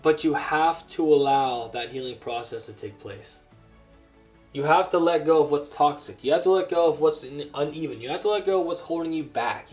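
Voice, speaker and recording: A grown man preaching a personal testimony sermon, earnest and halting, with many restarts. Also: on the high side, a little mellow. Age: adult.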